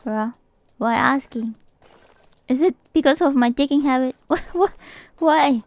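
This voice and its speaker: A woman's voice: high voice, slow pace, darkish tone, no echo. A woman streamer, not a native English speaker, chatting playfully and laughing often while she comments on a game. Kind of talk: casual gaming commentary.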